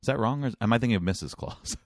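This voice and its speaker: A man's voice: mid-range voice, animated, very fast, dry recording, studio quality. A man co-hosting a podcast, chatting casually and telling rambling, joking stories. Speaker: podcast co-host. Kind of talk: casual chat.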